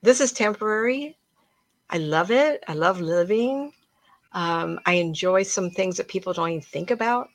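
Middle-aged woman, spiritual talk host; low, gravelly, dry-miked; chatty and emphatic storyteller. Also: fairly bright tone, no room sound. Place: room at home with plants.

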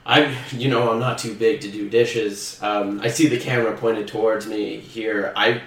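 A man playing a cocky, boastful uncle in an improvised comedy scene, with a deadpan delivery. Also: lowish voice, normal speed. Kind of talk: improv comedy role-play. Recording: distant echoey room with faint noise.

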